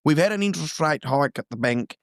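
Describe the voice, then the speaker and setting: A man's voice: on the high side, lively intonation, a little fast, no echo, studio quality. A man, a real estate agent talking earnestly and from the heart in an interview. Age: 20s. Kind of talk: casual interview chat.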